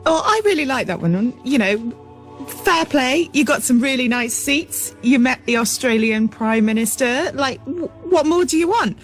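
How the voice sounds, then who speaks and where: A woman's voice: high-pitched, animated, unhurried, faint music behind. An English woman co-presenting a radio show, giving her chatty, upbeat take on a listener's story.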